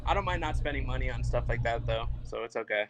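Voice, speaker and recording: A laid-back young man chatting as a podcast guest in a low-key, slightly mumbly way. His pitch is in the middle range for a man. Clear crowd chatter can be heard behind him. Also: fast talker, low-quality recording. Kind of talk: casual chat.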